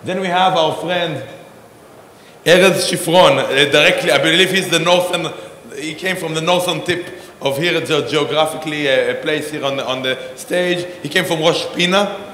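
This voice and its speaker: A man's voice: on the high side, normal speed, bright, forceful tone, a little hiss or hum. A man hosts a conference and introduces a panel on stage, rambling with many fillers and restarts. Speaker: conference host. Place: large conference hall. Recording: echoey hall with a long reverb.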